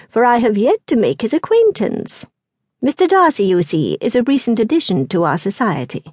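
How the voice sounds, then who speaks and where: A woman reading an audiobook, voicing an effusive, gossipy aristocratic lady who chatters on without pause. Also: a little mellow, no echo, studio quality. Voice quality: high, chattering, breathless.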